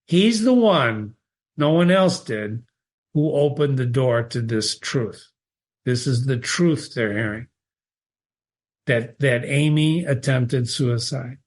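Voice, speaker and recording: A man's voice: mid-range voice, takes it slowly. A man reading passages from a short story aloud and analyzing them, stopping often to put rhetorical questions to his listeners. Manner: animated, questioning, stops to quote the text and ask rhetorical questions. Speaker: literature teacher.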